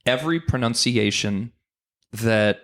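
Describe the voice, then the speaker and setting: A man's voice: mid-range voice, a little slow, fairly bright tone. A man hosting a podcast from his apartment, joking and swearing as he tells rambling stories. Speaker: podcast host. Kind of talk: casual chat.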